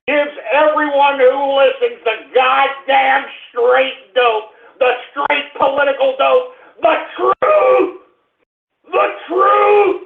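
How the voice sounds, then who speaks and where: Gravelly ranting radio host, tinny. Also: male voice, very high voice. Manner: angry, cursing, swings between grumbling and shouting. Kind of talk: ranting internet radio talk. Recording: tinny phone-like radio stream.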